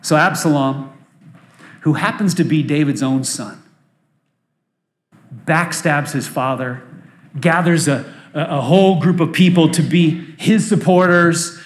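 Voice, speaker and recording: A fairly high-voiced man preaches to his congregation, acting out his characters' words as he goes. The sound rings around an echoey church hall. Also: unhurried, long pauses. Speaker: pastor. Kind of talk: sermon.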